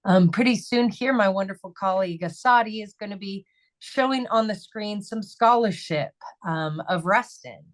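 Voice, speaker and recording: A woman's voice: medium pitch, moderate pace. A woman hosting an online webinar, giving closing announcements and a donation appeal in an upbeat, conversational way. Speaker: webinar host. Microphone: video call.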